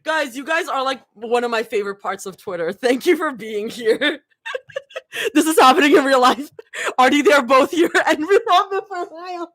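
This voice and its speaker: A young woman streaming a live fan fiction reading, shrieking, laughing and talking over herself in excitement. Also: high voice, moderate pace, no room sound, studio quality.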